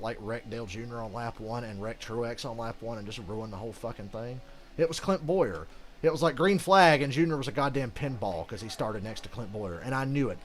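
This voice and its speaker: A man giving casual, rambling gameplay commentary as a channel host, ranting and swearing freely. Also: mid-range voice.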